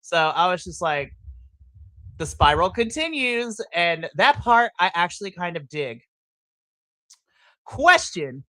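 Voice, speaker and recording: Hosting a casual livestream reaction podcast, a woman rants passionately and slips into playful, exaggerated asides. Her voice is fairly low, very animated, and sharp in tone, and she speaks slowly with long pauses. There is no room sound.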